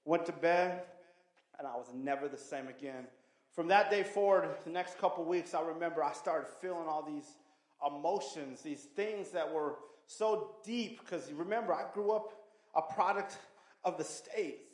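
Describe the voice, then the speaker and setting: A man in his thirties telling his testimony as a sermon, in a lively street-slang storytelling manner with acted quotes. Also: high-pitched, normal speed, echoey room. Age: 30s. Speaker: testimony speaker. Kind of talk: preaching testimony.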